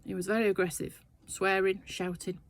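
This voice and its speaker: A woman's voice: medium pitch, little pitch movement, normal speed, no room sound. An older woman telling a rambling, chatty story in her sewing shed. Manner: chatty, rambling anecdote with asides. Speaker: sewing vlogger. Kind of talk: casual storytelling chat.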